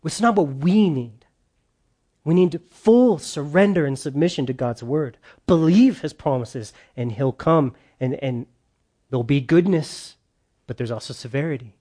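A man's voice: fairly high pitch, measured pace, dark tone. A man preaching a sermon in a church, emphatic and conversational, often slipping into quoted voices. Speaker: pastor.

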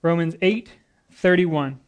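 A man's voice: fairly high pitch, slow pace. A man preaching a sermon to a congregation, earnest and a little nervous, with casual asides and jokes between the scripture readings. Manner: earnest, nervous but lively, with asides and humor. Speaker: guest preacher.

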